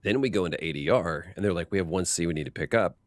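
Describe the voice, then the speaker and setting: A man as an interview guest, telling animated behind-the-scenes stories and acting out quotes with frequent restarts. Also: sits low, quick pace, no echo, studio quality. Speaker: voice actor guest. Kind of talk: casual interview storytelling.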